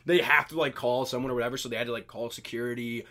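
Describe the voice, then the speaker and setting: A man's voice: medium pitch, steady tone, rapid-fire, sharp tone. A young man in casual podcast chat, rambling through stories, swearing freely and acting out the people he quotes.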